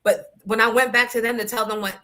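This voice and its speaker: A fast-talking woman with a slightly high, sharp voice and steady tone hosts a relaxed podcast chat. She recounts frank, swear-laden stories with asides to the audience.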